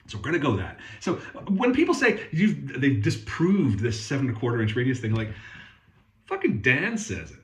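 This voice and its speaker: A man's voice: medium pitch, wildly swooping pitch, moderate pace, echoey room. A man hosting a guitar workshop channel, talking in a casual, sweary, sarcastic and rambling way. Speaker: guitar technician and channel host. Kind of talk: casual ranting demo.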